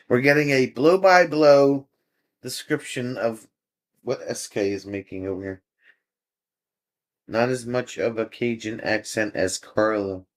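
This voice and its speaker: Slow-talking, chuckling livestream host. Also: male voice, mid-range voice. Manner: chuckling, easygoing, reads chat aloud. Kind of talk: casual chat with live viewers.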